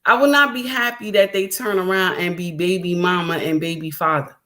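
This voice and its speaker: A woman's voice: on the low side, steady tone, brisk, a bit bright. Emphatic middle-aged woman livestreaming commentary. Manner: emphatic, repetitive, addresses viewers directly. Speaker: livestream host.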